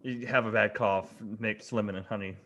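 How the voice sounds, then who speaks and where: A man co-hosting a casual podcast, reacting with quick jokes, frequent laughs and swearing. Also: fairly low pitch, steady tone, fairly bright tone, muffled recording. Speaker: podcast co-host.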